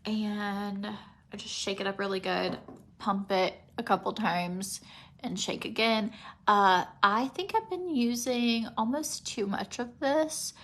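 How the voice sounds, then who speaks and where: A woman around forty, teary and emotional, rambling casually while doing her makeup at home and sometimes dropping to soft near-whispers. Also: medium pitch, slow. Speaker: makeup vlogger.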